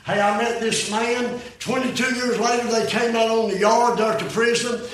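Older male preacher, high and bright, fiery and folksy; echoey room, off-mic. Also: fairly even intonation, normal speed, far from the mic. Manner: swings between shouted peaks and low, quiet asides; folksy plain-spoken preaching. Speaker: preacher giving his testimony. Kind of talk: fiery sermon.

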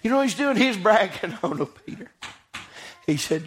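High-pitched preacher man. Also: lively intonation, normal speed, fairly bright tone. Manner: folksy, dramatic storytelling with acted quotes. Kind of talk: sermon.

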